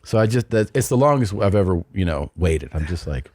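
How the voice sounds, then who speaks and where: A man's voice: low-pitched, lively intonation, fairly quick, darkish tone, slight background noise. A middle-aged man hosting a podcast, telling a long rambling anecdote in casual chat, often restarting and adding asides. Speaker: podcast host.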